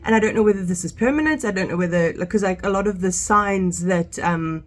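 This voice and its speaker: A woman's voice: medium pitch, a little fast. Chatty woman vlogging, rambling with fillers. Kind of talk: casual vlog chat. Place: at home and outdoors in a park.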